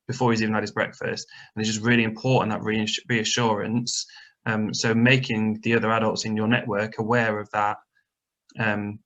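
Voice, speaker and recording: A man's voice: fairly low pitch, a bit bright. A man and adoptive parent talks casually on a video call webinar. He rambles a little and uses many fillers. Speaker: adoptive parent on the membership team.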